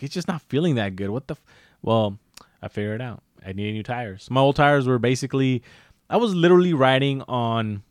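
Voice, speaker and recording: A man co-hosting a podcast, rambling through his stories with plenty of fillers and animated asides. His voice sits at a middle pitch. The sound is close and dry, with no room around it. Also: smooth, no echo. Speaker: podcast co-host. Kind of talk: casual chat.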